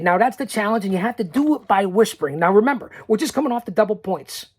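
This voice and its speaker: A male podcast host giving a boastful solo recap of a tournament. He talks straight to his listeners, urging them to stay, and drops now and then to a low mutter. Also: expressive, quick pace, few pauses, a little mellow, slightly rough.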